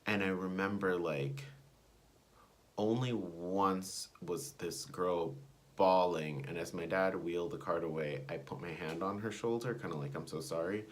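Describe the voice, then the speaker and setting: Young male vlogger, low register, digressive, filler-heavy storytelling. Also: unhurried. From United States. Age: young adult. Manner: rambling, digressive, with many fillers. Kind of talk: personal storytelling to camera.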